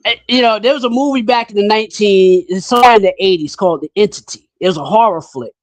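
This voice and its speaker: A man hosting a casual podcast chat, talking bluntly and in an animated way, his pitch jumping up when he gets riled. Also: fast, dry recording. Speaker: podcast host.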